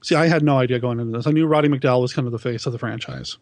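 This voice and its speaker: A man's voice: medium pitch, very fast, a little mellow, no room sound. Chatty male podcaster, dry close sound. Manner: chatty, self-deprecating, laughs often. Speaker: podcast co-host. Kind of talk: casual film discussion.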